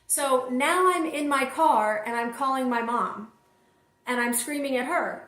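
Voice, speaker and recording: A woman telling a personal story to her viewers, animated and talking straight to them. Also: a little high, normal speed, roomy sound. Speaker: vlog host and single mother.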